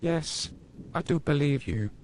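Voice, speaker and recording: A man's voice: on the high side, expressive, unhurried, a little mellow, a little hiss or hum, pitched above the performer's own voice. A man voicing a seven-year-old boy with a raised, childlike, plaintive voice. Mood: innocent, cheeky.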